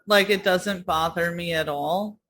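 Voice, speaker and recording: A woman's voice: on the low side, measured pace, fairly bright tone, poor audio. New woman co-host, chatty, laughs a lot, swears casually. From New York. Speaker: podcast co-host. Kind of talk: casual chat.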